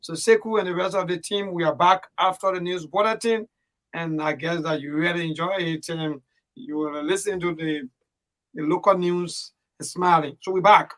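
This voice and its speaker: A man co-hosting a radio show, chatting in a relaxed, informal way. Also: high-pitched, moderate pace. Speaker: co-host. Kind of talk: casual radio link chat.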